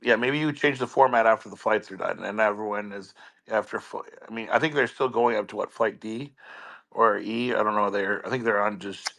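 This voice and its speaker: Bright-voiced, halting man. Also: on the low side, gravelly. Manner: halting, many restarts and repeated words. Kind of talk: casual chat.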